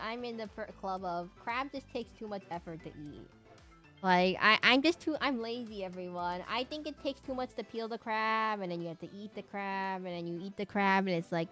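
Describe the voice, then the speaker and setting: A young woman chats with her stream as she draws, rambling from one thought to the next and humming in between. Her voice sits at an ordinary middle pitch, with faint music underneath. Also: fairly bright tone. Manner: rambling, playful, talks to chat, hums. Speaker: streamer drawing for chat. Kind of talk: casual chat while drawing.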